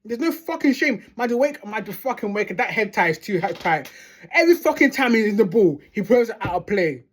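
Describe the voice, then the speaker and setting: A woman's voice: mid-range voice, big pitch swings, brisk, breathy edge. A woman ranting as a football fan vlogger, heated and sweary, repeating phrases for emphasis. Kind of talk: angry fan rant.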